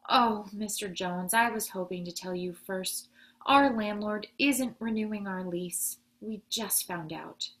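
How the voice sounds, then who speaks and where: A woman's voice: medium pitch, unhurried, close to an everyday voice. A woman voicing a cheerful, apologetic mother in a read-aloud storybook. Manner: bright, apologetic.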